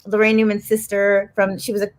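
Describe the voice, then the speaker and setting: A woman talking as a guest on a chat show, telling a long story in a rambling, animated way and laughing often. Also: mid-range voice, brisk. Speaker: guest actress and comedian. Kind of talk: casual chat.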